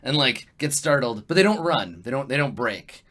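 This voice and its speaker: Male game master, bright voice, halting, filler-heavy narration. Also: mid-range voice, very animated.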